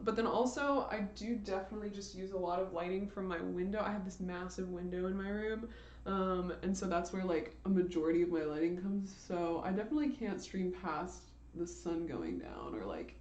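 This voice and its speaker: A woman's voice: medium pitch, a little mellow, slight background noise. A young woman streamer chatting in a playful, rambling way full of slang and laughter, recorded in her bedroom. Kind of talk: casual rambling livestream chat. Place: bedroom with a large window. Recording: echoey room.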